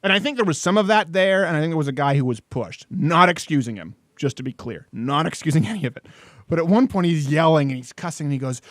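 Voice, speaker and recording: A man's voice: a little high, animated, fast talker, a bit bright, dry recording, studio quality. A man hosting a talk show, telling stories animatedly and laughing often in casual chat.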